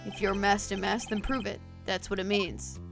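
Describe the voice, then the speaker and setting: A woman voicing a cool, brooding male prosecutor, speaking low and stern. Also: flat delivery, music in the background, lightly acted. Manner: low, slow, gravely stern. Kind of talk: game dialogue read aloud on a stream.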